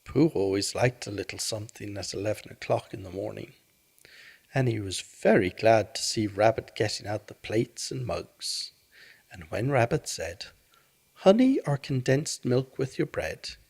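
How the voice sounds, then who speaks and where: Gravelly man reading a bedtime story. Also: lowish voice, moderate pace.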